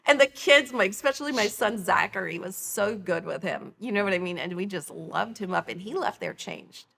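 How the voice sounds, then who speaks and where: Middle-aged woman guest, gravelly, mid-pitched, animated storyteller who voices the people in her story. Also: moderate pace. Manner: animated, acts out quoted dialogue. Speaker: guest, nonprofit founder. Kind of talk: emotional personal storytelling.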